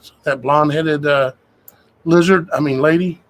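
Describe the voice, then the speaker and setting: A man's voice: fairly high pitch, fairly even intonation, moderate pace, rough recording. A man, hosting his show and talking to viewers in a rambling, folksy way. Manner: rambling, conversational, folksy with "y'all guys". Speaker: show host. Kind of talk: casual talk to viewers.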